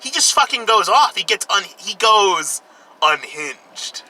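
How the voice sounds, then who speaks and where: A man's voice: sits high, big pitch swings, slow pace, bright, forceful tone, low-quality recording. Profane, rambling young man reviewing a movie. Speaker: film reviewer. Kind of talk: casual film review while driving. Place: in a car, outdoors traffic.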